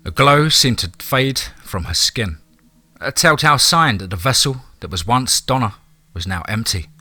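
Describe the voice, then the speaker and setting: A man narrating a scripted horror story in a measured, dramatic way. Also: medium pitch, lively intonation, pushed and bright, husky, no echo.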